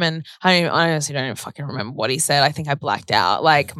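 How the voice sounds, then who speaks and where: A woman's voice: low-pitched, brisk, a bit bright, dry recording, clean studio sound. Australian woman telling a personal story. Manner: chatty, fillers of "like", acts out quoted speech.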